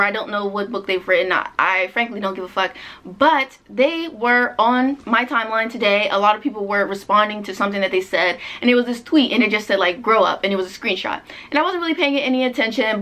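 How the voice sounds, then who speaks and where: A woman's voice: fairly high pitch, fairly bright tone. A young woman ranting on her book vlog, sarcastic and exasperated, swearing freely as she picks apart the story. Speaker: book vlogger.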